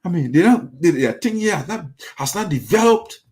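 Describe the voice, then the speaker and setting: A political commentary host speaks a little fast in a high, expressive voice with a darkish tone. Indignant and critical, he fills his talk with rhetorical questions that loop back to the same arguments.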